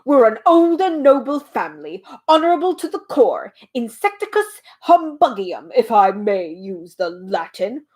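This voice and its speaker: A woman voicing a pompous, boastful old male humbug bug in a storybook reading, speaking loudly and grandly. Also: fairly high pitch, big pitch swings, a little slow, few pauses.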